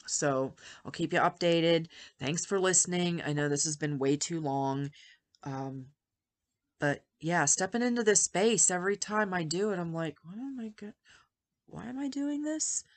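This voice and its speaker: A woman in her fifties talking candidly and with feeling in a personal health vlog, rambling at times. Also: sits low. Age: 50s. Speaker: vlogger.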